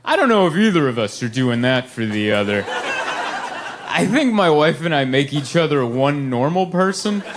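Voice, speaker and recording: A man performing a stand-up comedy set on a club stage, telling stories animatedly and putting on high voices for his wife. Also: very animated, normal speed. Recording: live club recording with crowd noise.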